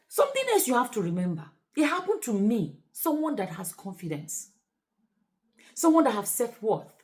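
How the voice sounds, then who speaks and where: A Nigerian woman talking in a casual vlog. She is animated, laughs often and slips into Pidgin phrases. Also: mid-range voice. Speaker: vlogger and shortlet host.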